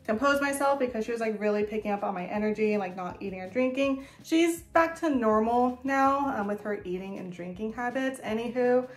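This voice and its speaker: Young woman, casual vlog, chatty with fillers, higher voice, roomy echo. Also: fairly quick, hardly any pauses. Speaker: vlogger. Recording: echoey room.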